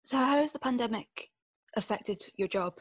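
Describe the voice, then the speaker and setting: Woman, Scottish accent, husky voice, podcast host asking questions. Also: on the high side, moderate pace, no room sound. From Scottish Highlands. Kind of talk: casual podcast chat.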